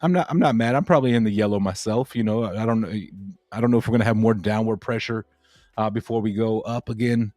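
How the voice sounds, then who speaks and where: A man's voice: lowish voice, fast talker, a little mellow, dry recording, studio quality. A man hosting a crypto livestream, chatting casually and rambling with lots of fillers and repeated phrases.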